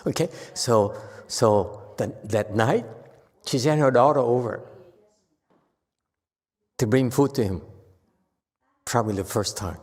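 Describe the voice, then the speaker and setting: A man with a Korean accent, a Zen master telling anecdotes in a dharma talk, with chuckles and halting restarts. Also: medium pitch, a little mellow, husky. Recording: long hall reverb.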